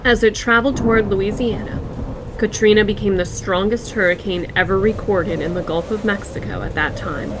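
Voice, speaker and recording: A woman co-hosting a podcast, reading scripted true-crime narration in a measured way. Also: mid-range voice, noisy background. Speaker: podcast co-host.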